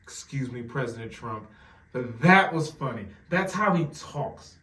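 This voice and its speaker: A man, co-hosting a casual podcast. He talks with animation and stumbles over his starts. His average-pitched voice carries the echo of a roomy space and sits a little back from the mic. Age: 40s. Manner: animated, quick asides, repeats words when starting. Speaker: podcast co-host. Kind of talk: casual chat. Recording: roomy sound, mic at some distance.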